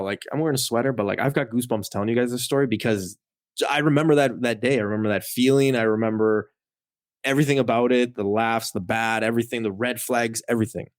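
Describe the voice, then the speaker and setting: Guy, kinda low voice, rambly animated storytelling w lots of "like", dry studio mic. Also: dry recording. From Canada. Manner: animated storyteller, fills speech with "like", acts out quoted lines. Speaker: podcast guest, comic collector. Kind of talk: casual storytelling chat.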